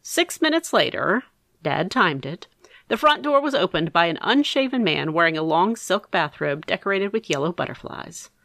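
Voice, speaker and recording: Woman reading a kids story, super lively pitch, bright, dry close sound. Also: moderate pace, creaky, no echo. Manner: expressive, animated. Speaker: audiobook narrator. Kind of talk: first-person storybook narration.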